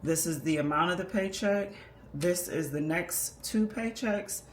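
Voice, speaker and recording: A woman's voice: fairly low pitch, measured pace. A woman walking viewers patiently and methodically through a budgeting tutorial, explaining as she works on paper. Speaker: personal finance creator. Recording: echoey room with faint background noise.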